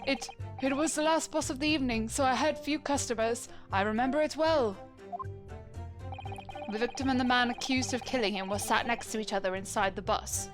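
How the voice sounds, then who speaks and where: A woman's voice: on the high side, a little fast, over music, natural voice. A woman voicing a plainspoken working-class male bus driver.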